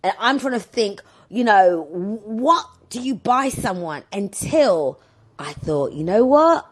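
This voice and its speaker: A young woman chats through her podcast in a husky voice that swoops up and down as she goes. She wanders off on tangents, catches herself and picks the thread back up. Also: mid-range voice, expressive, slow. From London. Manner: chatty, rambling, digressive storytelling. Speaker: podcast host. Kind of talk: casual solo podcast chat.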